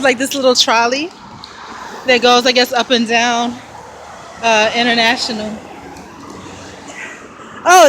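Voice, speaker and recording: A woman's voice: high-pitched, fairly bright tone. A woman vlogging while walking outdoors, out of breath, rambling and thinking aloud with frequent small laughs. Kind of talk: casual walking vlog. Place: outdoors on a city street with traffic. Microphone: handheld camera while walking. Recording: street noise and passing traffic. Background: traffic and street ambience.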